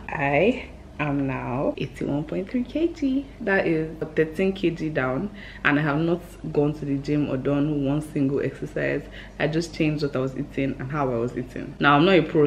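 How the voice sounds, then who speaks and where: Woman in her thirties, home vlogger, low and lively, lots of laughter. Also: highs cut off, a little hiss or hum. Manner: bubbly, excitable, laughs often. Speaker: vlogger and new business owner. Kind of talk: casual vlog chat to camera.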